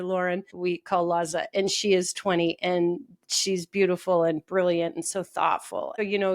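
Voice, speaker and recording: Lively swearing woman podcast co-host. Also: mid-range voice, no echo, clean studio sound. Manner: animated storyteller, swears freely, laughs often. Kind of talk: casual chat.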